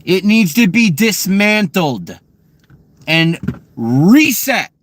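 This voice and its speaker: A man ranting angrily and profanely from his car while answering live chat questions, swinging between loud outbursts and low muttering. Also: very animated, extremely slow.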